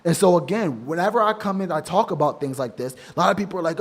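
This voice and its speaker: A man's voice: on the high side, expressive, fast, few pauses. Man preaching emphatic dating advice. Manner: emphatic, preachy, repeats for stress; casual slang, addresses listener as bro. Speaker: men's dating coach. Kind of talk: monologue advice to men.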